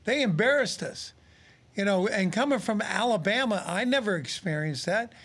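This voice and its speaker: Older guy, ex football player, pretty high voice for a man, tells stories and acts out the lines people said. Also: normal speed. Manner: animated storyteller, acts out quotes. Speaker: former pro football player and radio analyst. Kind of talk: casual sports talk.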